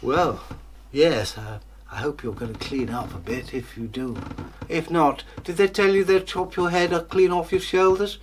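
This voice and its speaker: A man voicing a pompous, haughty male king with a raised, drawn-out voice. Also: a little high, fairly even intonation, slight background noise, voice pushed up, close to an everyday voice. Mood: grand.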